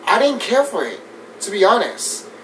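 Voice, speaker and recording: A man giving a casual, animated movie review rant. He swears often, laughs a lot and mimics scenes as he talks. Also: sits high, normal speed. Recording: distant mic with faint background noise.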